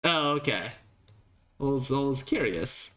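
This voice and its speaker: A woman's voice: extremely low pitch, animated, unhurried, a bit bright. A woman streaming a video game, chatting casually, laughing often and teasing herself. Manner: giggly, self-mocking, apologetic.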